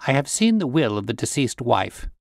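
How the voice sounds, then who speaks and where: A man voicing a calm detective who speaks in a cool, bland, dryly amused way. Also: medium pitch, moderate pace, vocal fry, dry recording, studio quality. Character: calm, witty male detective, unflappable.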